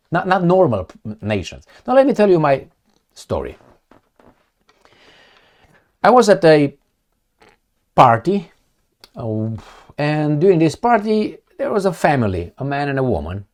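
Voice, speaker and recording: A man giving blunt, sarcastic political commentary with some swearing, talking straight to the viewer. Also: a little high. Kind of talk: opinionated commentary monologue.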